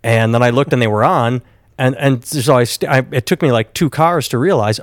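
A blunt, sardonic man in casual chat who swears freely. His pitch is middling and the sound is dry and close. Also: brisk, no echo. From northern United States.

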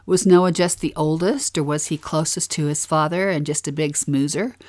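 A woman co-hosts a scripture lesson podcast. Her voice is notably deep for a woman, and she speaks in an inquisitive, reflective way, asking questions as she lays out the background. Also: fairly even intonation, moderate pace, darkish tone. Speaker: podcast co-host.

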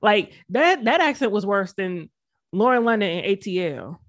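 A woman's voice: medium pitch, sing-song, moderate pace, no room sound, clean studio sound. A young woman with a slight Southern drawl, co-hosting a podcast in a blunt, sassy, slangy way. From American South. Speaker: podcast co-host. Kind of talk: casual chat.

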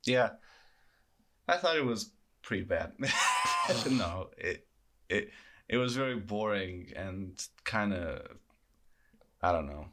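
Podcast co-host, man, low voice, jokey, stop-start delivery. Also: animated, bright, forceful tone, slight background noise. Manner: joking, halting with stammered restarts. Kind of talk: casual chat.

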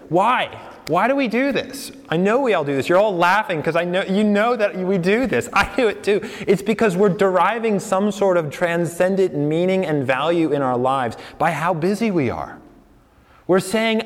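A man's voice: high-pitched, expressive, moderate pace. Young male preacher in a reverberant hall. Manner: conversational, asks the congregation questions, laughs along. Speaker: pastor. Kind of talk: sermon. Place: church hall with congregation.

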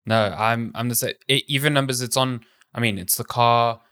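A man's voice: mid-range voice, normal speed, a bit bright, clear, resonant tone. A man co-hosting a podcast, chatting casually and poking fun at his own habits. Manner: chatty, self-mocking, restarts often. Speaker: podcast co-host. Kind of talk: casual chat.

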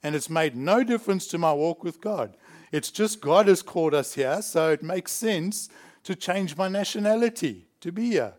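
A man's voice: high voice, expressive, moderate pace, darkish tone. A man from South Africa preaching a sermon in a church, emphatic and chuckling between points. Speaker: pastor.

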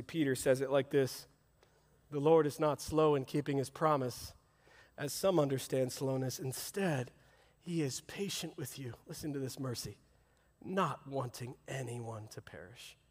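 A middle-aged man preaching a sermon as pastor, swinging from loud rousing calls to hushed, intimate asides. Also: on the high side. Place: church service, large hall. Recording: long hall reverb.

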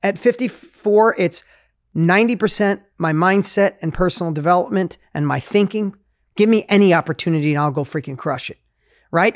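A man in his fifties, a podcast host speaking in a reflective, emphatic, coaching way. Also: high voice. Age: 50s. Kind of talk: podcast interview.

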